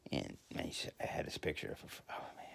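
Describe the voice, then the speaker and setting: Quick-paced and a bit bright, this voice belongs to a man in his 50s from New York, USA. His crude, rambling comic monologue is packed with profanity and laughter.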